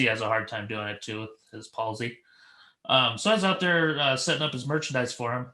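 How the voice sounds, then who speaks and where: A man hosting a podcast, telling an animated story and acting out the people in it. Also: medium pitch. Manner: animated storyteller, acts out voices, laughs a lot. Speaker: podcast host. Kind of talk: casual chat, storytelling.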